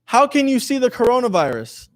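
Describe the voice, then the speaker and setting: A man's voice: very high voice, very animated, brisk. A man teaching a lesson to a class, quizzing his students in a jokey way and reading passages aloud. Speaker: religious teacher.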